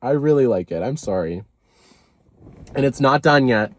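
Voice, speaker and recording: A man's voice: mid-range voice, lively intonation, moderate pace. Rambling, self-deprecating man vlogging. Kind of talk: casual confessional vlog.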